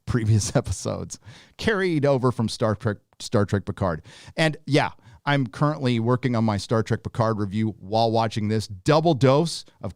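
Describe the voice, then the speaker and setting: A man's voice: medium pitch, darkish tone, no echo, clean studio sound. A man hosting a live review show, talking casually in a sarcastic, mocking way with plenty of laughs and fillers.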